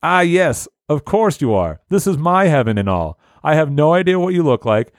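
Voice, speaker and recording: Giddy, excitable daydreaming young man, voice pushed high and bouncy, very dry close sound, a man doing the voice while reading a story aloud. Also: normal speed, dry recording.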